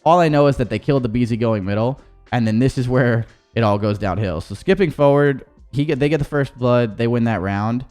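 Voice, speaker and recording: A man's voice: medium pitch, a little fast, darkish tone, clean tone, soft background music. A man, an esports coach, casually reviewing gameplay footage in a rambling, profane way with many restarts.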